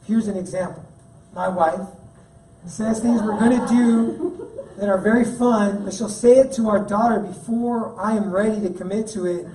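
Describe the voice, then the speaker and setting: A man's voice: high voice, mellow, slight background noise. A man giving a sermon as guest speaker at a church, talking in a casual, joking way. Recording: echoey room, mic at a distance.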